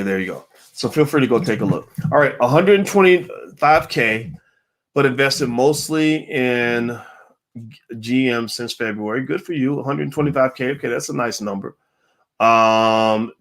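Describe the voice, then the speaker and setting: A middle-aged man hosts a casual livestream, chatting with viewers and reading their comments aloud. His voice sits at an ordinary mid pitch, and he speaks in an upbeat, loose way, with plenty of ums and uhs. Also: a bit bright. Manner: upbeat, reads chat comments aloud, many fillers. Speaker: host answering viewer questions.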